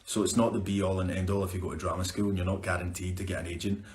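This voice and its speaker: A man's voice: low-pitched, flat delivery, very fast. Chatty Scottish man, roomy echo. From Scotland. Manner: chatty, upbeat, restarts words. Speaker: actor answering viewer questions. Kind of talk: casual live-stream Q&A.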